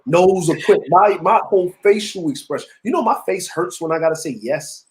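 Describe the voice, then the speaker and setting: A middle-aged man co-hosting a casual chat show, telling stories in an animated, teasing way. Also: sits high, fairly quick, poor audio. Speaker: podcast co-host.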